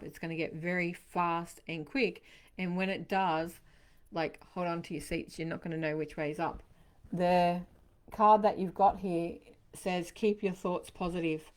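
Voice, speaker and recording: A woman hosts a live-streamed tarot reading, speaking to her viewers by name. Her voice sits a little low, and she talks in a chatty, reassuring way as she passes on messages from the cards. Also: clear, resonant tone. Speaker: tarot reader.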